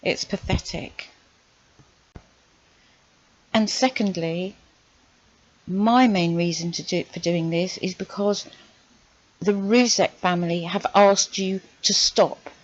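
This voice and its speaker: An exasperated woman reacts to clips as a channel host, firing off sarcastic rhetorical questions. Her voice sits at an ordinary middle pitch. The sound is dry and a little dull, with no room echo. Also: slow pace, long pauses. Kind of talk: reaction commentary.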